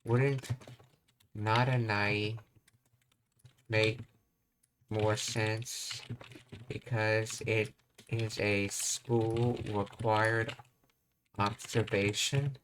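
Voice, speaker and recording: A man studying Japanese grammar out loud, in a halting way that stops and restarts as he thinks. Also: fairly low pitch, flat delivery, slight background noise. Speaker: Japanese learner walking through anime dialogue. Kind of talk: thinking-aloud study session.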